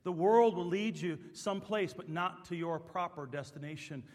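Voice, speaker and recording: A man preaching a sermon as pastor, swinging from quiet, conversational asides to loud, emphatic preaching. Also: high voice, normal speed, long reverb tail.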